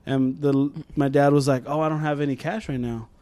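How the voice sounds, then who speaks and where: This man's smooth, medium-pitched voice moves fairly quickly as he co-hosts a podcast. The talk is a casual chat, and he brings his stories to life by performing each quoted voice.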